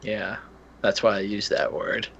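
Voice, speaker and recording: A man's voice: fairly low pitch, level tone, unhurried, gravelly, fairly bright tone, slightly rough, muffled recording. A man co-hosting a podcast in casual chat, playful and giggly, trading toilet humor. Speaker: podcast co-host.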